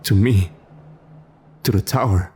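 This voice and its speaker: Dark-voiced male horror narrator. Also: on the low side, slight background noise. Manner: grave, measured first-person storytelling. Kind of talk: scripted horror story narration. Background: faint music.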